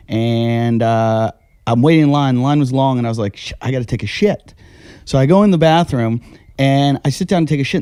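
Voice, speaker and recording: A man hosting a casual podcast, telling a long comic story and acting out his own yelling. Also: medium pitch, smooth, no echo, studio quality. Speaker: podcast host. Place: house.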